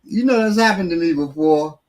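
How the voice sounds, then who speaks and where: A man teaches martial arts on a casual live stream, answering questions bluntly and streetwise, with occasional swearing and lots of fillers. His voice is fairly high-pitched with lively intonation at a moderate pace, and the recording is rough.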